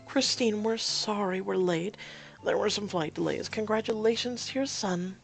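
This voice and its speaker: Polite middle-aged mother, raised high voice, slow, voiced by a man. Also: creaky.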